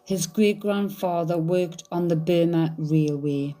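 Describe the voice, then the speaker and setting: A woman's voice: fairly low pitch, slow, warm tone, soft background music. A woman doing a psychic reading, thinking aloud in a hesitant, searching way. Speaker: psychic medium. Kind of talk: live medium reading.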